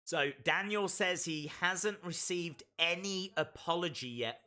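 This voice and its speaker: A man's voice: high voice, unhurried, bright, forceful tone. A man hosting a casual live reaction stream of a wrestling show, playfully repeating phrases and reading out viewers' chat.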